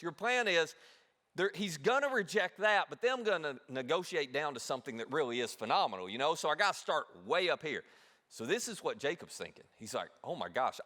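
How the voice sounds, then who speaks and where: A man preaching a sermon as pastor, telling a story with animated delivery and asking the audience questions. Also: a little high. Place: large church hall. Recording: long reverb of a big hall.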